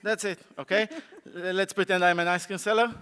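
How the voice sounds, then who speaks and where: A man with a sore throat gives a live conference talk, playfully coaching volunteers on stage in an animated way. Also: sits high, brisk, smooth. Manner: playful, animated, coaxing the audience. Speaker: conference speaker. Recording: long hall reverb, faint crowd noise.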